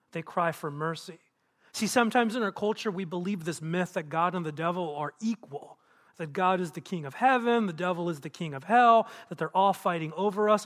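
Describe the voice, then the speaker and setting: A man preaching to his congregation in a church, animated, acting out quotes and asking the room questions. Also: high voice. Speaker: pastor. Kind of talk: sermon. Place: church auditorium.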